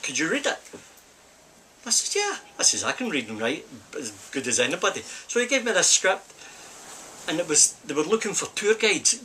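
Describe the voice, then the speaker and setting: An older man with a Scottish accent spins a long, winding anecdote, repeating "I says" as he goes. His voice sits a little high and sounds sharp and forceful. A faint hum of background noise stays underneath. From Scotland. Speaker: film stuntman. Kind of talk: casual storytelling interview. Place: film set during a break.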